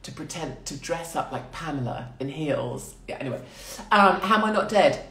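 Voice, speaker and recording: A woman's voice: low-pitched, lively intonation, moderate pace, fairly bright tone, echoey room. A woman in her forties hosting a casual livestream chat from a small quarantine room. She is crude and irreverent, and she rambles and laughs a lot. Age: 40s. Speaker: livestream host.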